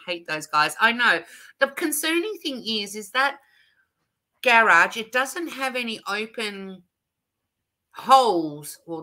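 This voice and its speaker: Bright-voiced Australian woman chatting live. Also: on the low side. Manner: chatty, laughs often, reads viewer comments aloud. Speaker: livestream host. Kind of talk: casual live-stream chat reading comments.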